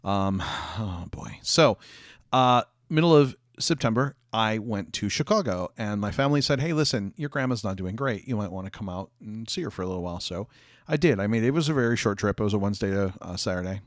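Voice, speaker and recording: A man's voice: fairly low pitch, animated, a little fast, no room sound, clean studio sound. A young adult man chatting casually with viewers on a livestream from his office, rambling with lots of fillers and restarts, coughing and hiccuping.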